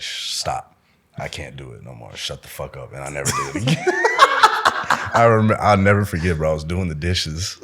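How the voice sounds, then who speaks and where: A man's voice: deep voice, fairly bright tone. A young man from Omaha chatting as a podcast guest, laid-back, laughing often and calling the host "bro". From Omaha, United States. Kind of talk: casual interview chat.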